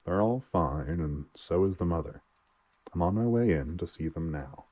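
A man reading aloud and voicing a self-assured elderly doctor who talks in a measured, lecturing way. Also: low-pitched, animated, dark tone. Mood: brisk.

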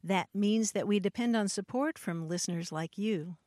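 A woman's voice: medium pitch, normal speed, dark tone, no room sound. A woman from Kentucky co-hosting a radio show about language, chatting encouragingly with young callers. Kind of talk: casual radio chat.

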